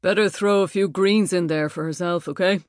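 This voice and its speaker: A woman's voice: fairly low pitch, fairly even intonation, moderate pace, dry recording, studio quality, close to an everyday voice. A woman voicing a blunt, distracted, hungry hulking rugby player in an audiobook.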